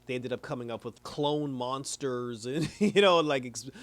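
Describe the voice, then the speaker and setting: Young male reviewer, casual recap, lively, acts out the characters, laughs often. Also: mid-range voice, moderate pace, no room sound. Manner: animated, retells scenes acting out the characters, laughs often. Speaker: reviewer of a cartoon episode.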